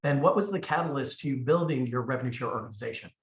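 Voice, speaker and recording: A man hosting a coaching call, delivering an energetic pep talk and introducing his guests. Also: medium pitch, fast, roomy sound. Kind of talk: video call interview.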